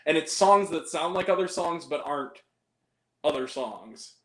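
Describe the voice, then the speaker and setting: A man's voice: a little high, expressive, measured pace, pushed and bright, roomy sound. A man hosting a movie review podcast, chatting casually in a rambling, profane way, full of fillers and giggles. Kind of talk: casual chat.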